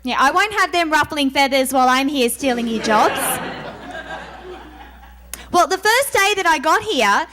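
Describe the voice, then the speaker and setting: Australian female stand-up, dry and self-mocking, very high, lively voice. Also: normal speed, long pauses, noisy background. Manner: sardonic, self-mocking punchlines. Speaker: stand-up comedian. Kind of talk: stand-up comedy set.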